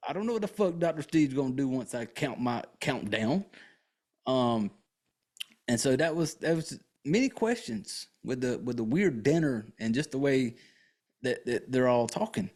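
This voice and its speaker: A man's voice: medium pitch, sing-song, moderate pace, a little mellow. A man hosting a podcast, recapping a film in a casual, profane, joking way with lots of fillers. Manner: rambling, crude and joking, with many fillers. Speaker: podcast host.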